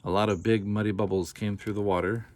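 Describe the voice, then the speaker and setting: A man reading a children's picture book aloud in a gentle, unhurried way, with casual asides. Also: fairly low pitch, little pitch movement.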